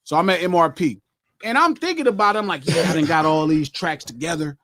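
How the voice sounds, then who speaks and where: A middle-aged man hosts a podcast in casual chat, profane and animated, acting out arguments with himself. His voice sits high and swings widely in pitch. The sound is dry and close. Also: fairly quick, no room sound. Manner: animated, profane, argues with himself in mock quotes. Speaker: podcast host.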